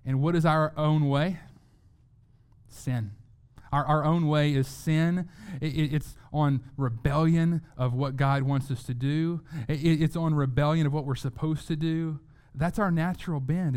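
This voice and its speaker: A man's voice: mid-range voice, darkish tone, clean tone. A man preaching a sermon as pastor, earnest, often repeating words as he stresses a point.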